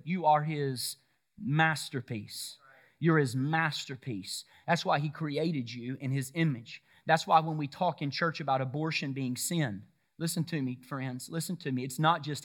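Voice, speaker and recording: A man's voice: on the high side, moderate pace, a bit bright. A man preaching a sermon in a church service, firing rhetorical questions and leading call-and-response. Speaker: pastor.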